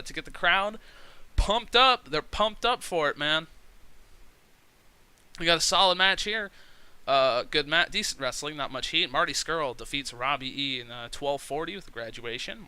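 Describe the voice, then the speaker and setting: A chatty man rambling through commentary on a sim game, his voice bright and crisp and a touch high. The sound is dry and close with no room. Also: no echo. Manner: chatty, rambling, frequent fillers. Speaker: let's play commentator.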